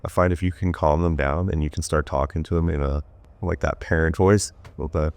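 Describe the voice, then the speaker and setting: Very deep-voiced easygoing man. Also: steady tone, quick pace, dry recording. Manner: easygoing, talks in long loose runs. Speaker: plumber and fly fishing guide. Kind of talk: casual podcast conversation.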